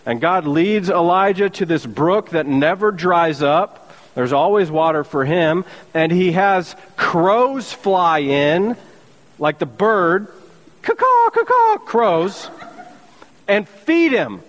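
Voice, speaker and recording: A pastor preaches to his church, retelling the story with sarcastic humor and acting out each voice. His voice sits a little high for a man. The sound rings with the long reverb of a large sanctuary. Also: lively intonation, slow pace. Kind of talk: sermon.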